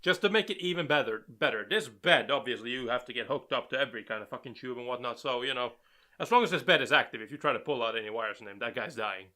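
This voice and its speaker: A man's voice: medium pitch, fast talker, bright, forceful tone. A man co-hosting a podcast, chatting casually and tossing in dry, sarcastic asides. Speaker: podcast co-host. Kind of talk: casual chat.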